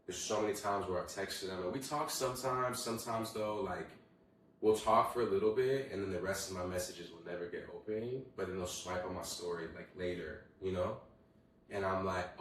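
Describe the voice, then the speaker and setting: A young man with a low voice hosts a casual solo podcast, swearing freely as he tells animated stories. His voice sits a little away from the mic. A heavy room echo surrounds every word. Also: moderate pace, distant mic. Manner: animated storytelling, heavy swearing, acts out quotes. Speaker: podcast host.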